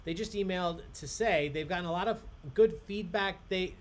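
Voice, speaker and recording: A man's voice: high-pitched, moderate pace, a little hiss or hum. A man hosting a live online trivia game, chatty and upbeat, reading each question twice with emphasis. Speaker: trivia host.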